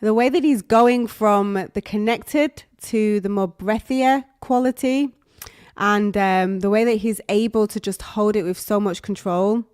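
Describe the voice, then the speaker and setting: A woman vocal coach reacting live on stream, soft-spoken and admiring, thinking aloud with fillers. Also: medium pitch, unhurried, clean tone, no echo. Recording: dry close mic with faint music behind.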